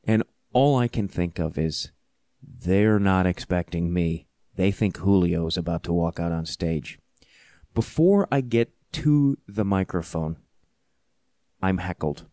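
With animated, self-deprecating energy and frequent laughter, a male podcast host tells a comic story, taking it slowly. His voice is on the low side, and the recording is dry and close.

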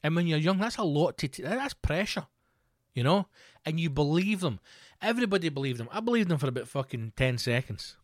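Scottish male host, sardonic rant, fairly high voice, dry sound. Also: lively intonation, a little fast, no echo. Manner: sweary, sardonic, emphatic. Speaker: podcast host. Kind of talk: casual comedic rant.

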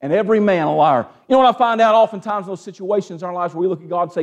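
A man preaching a sermon as pastor, asking the congregation for amens and dropping from raised, urgent lines to hushed ones. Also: sits high, very fast. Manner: Southern-tinged preaching with call-and-response "amen?", swings from hushed to raised.

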